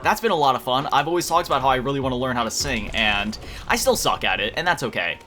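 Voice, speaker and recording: A man's voice: medium pitch, expressive, quick pace. A young man from Florida chatting casually and rambling as he commentates his gameplay, swearing now and then. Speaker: gaming commentator. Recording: music playing loudly under the voice. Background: game music and gunfire.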